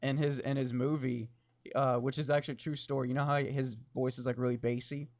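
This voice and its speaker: A man co-hosting a podcast in casual chat, rambling from topic to topic, swearing often and laughing a lot, with a deep, crackly morning voice. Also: flat delivery, a little fast, dry recording, studio quality. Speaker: podcast co-host.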